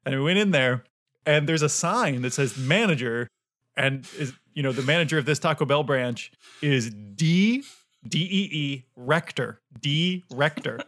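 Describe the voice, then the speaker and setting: A man from Ohio co-hosting a podcast, telling stories in a lively, animated way and laughing often. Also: on the high side, normal speed. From Dayton, Ohio, USA. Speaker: podcast co-host. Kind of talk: casual chat.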